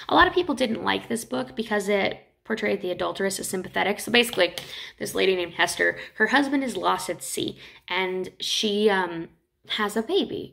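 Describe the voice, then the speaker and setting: A woman teaching literature in a casual, chatty lecture, retelling stories with quick acted quotes. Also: medium pitch, gravelly, fairly bright tone.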